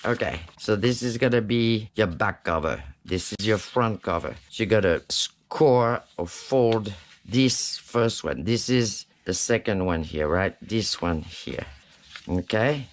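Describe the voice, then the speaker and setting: A man with a lowish voice walks the viewer through a craft project at an unhurried, easygoing pace. He keeps tossing in "right?" and "okay?" to check that the viewer is following. His tone stays chatty and reassuring while he works with his hands. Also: expressive. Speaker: craft tutorial host. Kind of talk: casual step-by-step craft tutorial.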